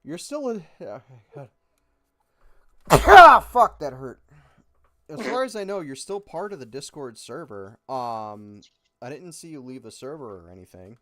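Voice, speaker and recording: A man hosting a stream, chatting casually in a rambling, self-correcting way and joking about his low viewer count. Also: big pitch swings, moderate pace, no room sound. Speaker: stream host. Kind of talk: casual chat.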